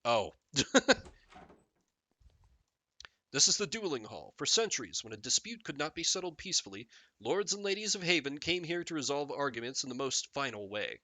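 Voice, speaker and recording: Bright animated man streaming a game. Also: fairly high pitch, normal speed, long pauses, no echo. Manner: jokey, animated, reads game text and riffs on it. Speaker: streamer playing a text game. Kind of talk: live game commentary and reading aloud.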